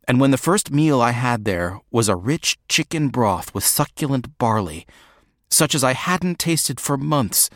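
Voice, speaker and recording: Brief: male audiobook reader, slow, dry close studio sound. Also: medium pitch, dry recording. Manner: measured, reflective. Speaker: audiobook narrator. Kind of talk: first-person audiobook narration.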